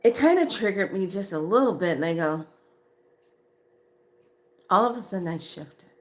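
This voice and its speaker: A woman vlogger telling a casual story in an animated way, acting out what people said and laughing often. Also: on the low side, normal speed, long pauses. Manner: animated, acts out quoted voices, laughs often.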